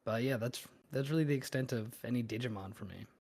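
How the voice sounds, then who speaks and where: A man's voice: mid-range voice, fast talker, a little mellow. A man co-hosting a podcast, bantering in an easygoing, jokey way. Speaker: podcast co-host. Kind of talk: casual banter.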